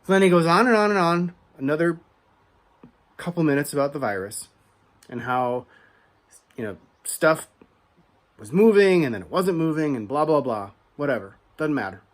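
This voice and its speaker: This American host of a card collecting channel has a voice on the high side, a moderate pace, and frequent pauses. Telling his story as a rant, he's animated and conversational, full of asides and restarts, and grows heated and emphatic.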